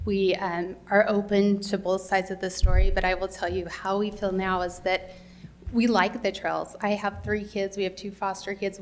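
Earnest woman with flat, even delivery. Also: mid-range voice, slight background noise. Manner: earnest and conversational, with fillers. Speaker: resident speaking at public comment. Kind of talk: public comment at a council meeting. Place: city council chamber.

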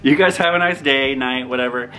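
A man's voice: medium pitch, brisk, music in the background. Chatty rambling young man vlogging. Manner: chatty, self-deprecating, rambling. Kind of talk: casual rambling vlog.

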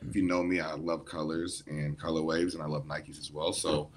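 Deep-voiced, relaxed male co-host. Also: moderate pace. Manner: relaxed and laughing easily. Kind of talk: casual chat. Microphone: video call.

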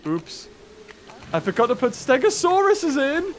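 British gaming host, high animated voice, excitable, prone to shouting and laughing. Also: male voice, measured pace, a little hiss or hum. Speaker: gaming YouTuber. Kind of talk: excited let's-play commentary.

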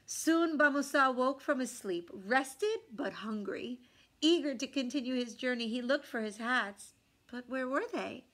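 A woman reading a folk tale aloud from a picture book, expressive, dropping to hushed asides about the illustrations. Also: high-pitched, measured pace. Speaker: storyteller.

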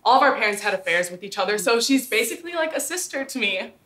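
A young woman acting as a sketch comedy host who talks in a bubbly, gushing way with quick asides. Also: a little high, expressive, background noise. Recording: echoey room with faint music.

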